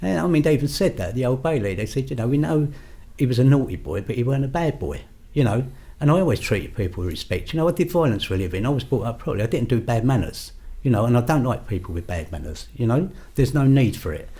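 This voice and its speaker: A man's voice: medium pitch, lively intonation, fast, hardly any pauses, mellow. An older man, a podcast guest recounting his past in a blunt, storytelling way and acting out the exchanges he quotes. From London. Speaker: guest, former gangster. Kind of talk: storytelling interview.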